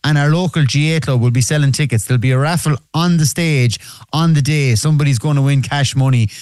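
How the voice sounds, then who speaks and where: An Irish man, a radio guest and festival organiser, telling stories in a lively, joking way. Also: on the high side, fast, no room sound. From Ireland. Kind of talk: casual radio chat.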